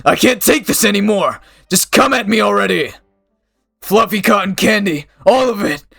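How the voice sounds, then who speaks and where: A man's voice: sits high, normal speed, gravelly, slightly rough, soft background music, voice pushed up, full character voice. A man putting on a strained female voice for an enraged woman knight who has snapped, reading game dialogue aloud. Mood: furious. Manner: shouting, ranting, strained. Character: furious female knight at her breaking point.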